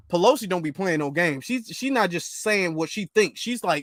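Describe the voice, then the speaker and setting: Male vlog commentator, mocking and slangy, high voice, dry close sound. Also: animated, normal speed, few pauses, no echo. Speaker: political commentator. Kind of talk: casual political commentary.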